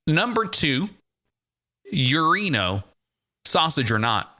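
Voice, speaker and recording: Bright-voiced man hosting a quiz. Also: a little high, sing-song. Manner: reads facts off quickly, dry teasing. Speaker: podcast host running a quiz. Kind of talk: casual chat.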